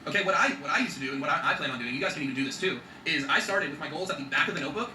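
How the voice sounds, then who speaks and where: A man's voice: fairly high pitch, expressive, rapid-fire, bright, forceful tone, reverberant, far from the mic, slight background noise, low-quality recording. A man talking in an emphatic motivational vlog, swearing freely and checking in with his viewers. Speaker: vlogger.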